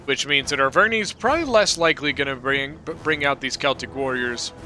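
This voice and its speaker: A man's voice: mid-range voice, fairly quick, bright, forceful tone. A man giving casual, rambling commentary on a strategy game replay, correcting himself as he goes. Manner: rambling, self-correcting, chatty. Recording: clear background music.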